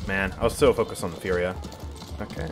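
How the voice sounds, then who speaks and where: A man's voice: deep voice, fairly even intonation, fast, music in the background. A man casually commenting on his gameplay as a streamer, reacting to the match and reading chat aloud. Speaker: game streamer.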